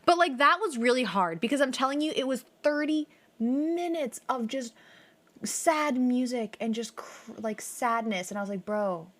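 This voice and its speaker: A woman's voice: sits high, dry recording. A young woman streaming a video game, rambling through casual stories with lots of "like" and the odd swear. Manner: rambling, animated storytelling with frequent "like" and swearing. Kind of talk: casual let's play chat.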